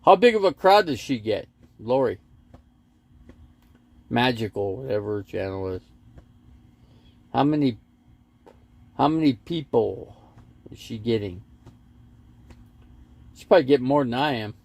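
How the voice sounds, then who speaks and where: Man, livestream host in his RV, gravelly and rambling, lively pitch. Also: unhurried, pauses often. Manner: rambling, chatty, jumps between topics and viewer comments. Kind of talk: casual live stream chat, reading comments aloud. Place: inside an RV parked in a lot.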